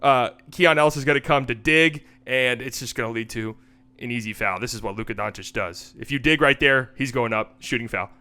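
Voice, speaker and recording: A young man breaking down basketball game film in a casual, animated way, laughing and mocking the plays as he goes. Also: mid-range voice, a little fast, smooth. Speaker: basketball analysis host.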